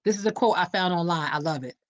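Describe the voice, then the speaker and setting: A woman hosting an awareness podcast. She preaches straight to her listeners, calls them y'all, and lands her points with punchy emphasis and dramatic pauses. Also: fairly low pitch. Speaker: podcast host.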